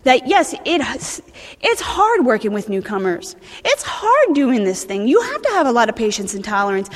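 A woman's voice: a little high, big pitch swings, normal speed, big-room sound. A woman in her thirties with a New Jersey accent, speaking bluntly and animatedly at a recovery meeting, swearing and restarting her sentences. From New Jersey, USA. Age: 30s.

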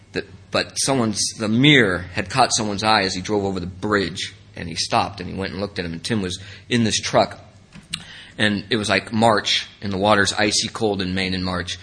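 A man speaks at a recovery meeting, telling his own story in an earnest, emotional way. His voice is husky but forceful and bright, and he wanders through restarts and asides. In the heavy moments it sinks low. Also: rough recording. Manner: earnest, emotional and rambling, voice dropping low when sad. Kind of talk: personal testimony.

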